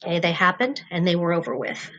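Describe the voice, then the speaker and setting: A woman's voice: on the low side, fairly bright tone, muffled recording. A woman teacher narrating a grammar lesson from home, explaining patiently with ums and uhs. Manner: slow, patient explaining with fillers. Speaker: Spanish teacher.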